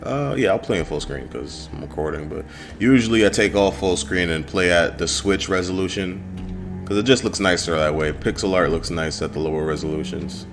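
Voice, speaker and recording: A man casually narrating a let's play of his own game demo, relaxed and rambling with fillers. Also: low-pitched, brisk, creaky, music in the background.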